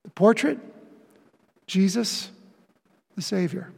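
A man with a high voice preaches a sermon in a church sanctuary, slow and deliberate. He leans on dramatic pauses and swings from ringing declarations to near-whispered phrases. His words trail off into the long reverb of the hall. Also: vocal fry, slightly rough. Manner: emphatic, with dramatic pauses and swings from loud to hushed. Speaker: pastor.

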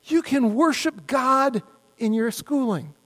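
A middle-aged male pastor giving an animated, conversational sermon full of mock dialogues. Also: very high voice, slow.

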